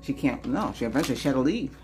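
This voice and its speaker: A man hosting a Reiki healing session, chanting slow, soft repeated lines and then rambling in loose, chatty talk. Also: medium pitch, lively intonation. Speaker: Reiki healer and channel host.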